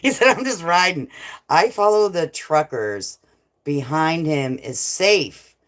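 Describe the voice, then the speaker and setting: A woman's voice: deep voice, lively intonation, slow pace. A middle-aged woman hosting a casual live chat, laughing often and swearing freely as she reads viewers' comments. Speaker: livestream host.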